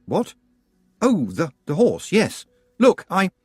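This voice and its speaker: A man voicing an earnest, indignant young girl witch in an audiobook, reading her lines at a raised pitch. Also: sing-song, a little fast, breathy edge, no room sound, clean studio sound, soft background music. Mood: flustered.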